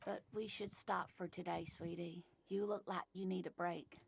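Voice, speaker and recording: Gravelly, breathy old lady. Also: fairly low pitch, level tone, normal speed, heavily acted. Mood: concerned. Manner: sweetly patronizing, calls listener dear. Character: elderly woman, condescending and doting. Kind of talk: game voice acting.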